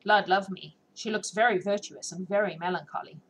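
A woman's voice: mid-range voice, brisk, a little hiss or hum, lightly acted, low-quality recording. A woman reading as a gracious, teasing royal prince. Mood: courtly. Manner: courtly, drawling, formal.

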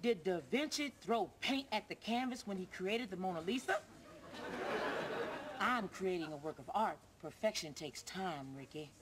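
An actress playing a sassy, teasing cashier with quick comebacks in a sitcom, on hissy old TV audio. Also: female voice, medium pitch, expressive, over a noisy crowd, lightly acted. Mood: pleading. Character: sassy wisecracking working woman, playful. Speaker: store cashier. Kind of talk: sitcom acting.

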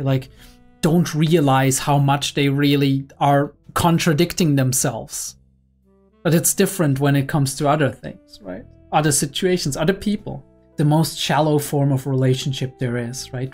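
A woman's voice: deep voice, darkish tone. A young woman and psychology student giving analytical anime reaction commentary, often checking in with "right?". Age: young adult.

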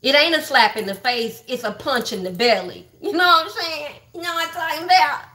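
A woman's voice: high-pitched, fairly quick, pushed and bright. A woman hosting a livestream, gossiping bluntly and profanely about online drama straight to her viewers. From Texas. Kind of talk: casual livestream commentary.

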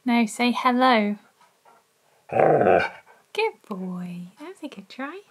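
Slow, lively, high-voiced woman coaxing her dog. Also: creaky. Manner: playful, coaxing, laughs often. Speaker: dog owner and video maker. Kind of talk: talking to her dog during trick training.

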